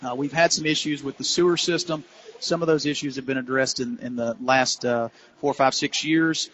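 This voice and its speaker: A man's voice: medium pitch, fairly even intonation, normal speed, fairly bright tone. A man with a Louisiana accent, a city council candidate answering radio interview questions in an earnest, campaign-style way with frequent fillers. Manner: earnest, campaign-style talk with many "uh"s and "you know"s. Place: cigar shop, live remote broadcast. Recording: dull lo-fi radio broadcast.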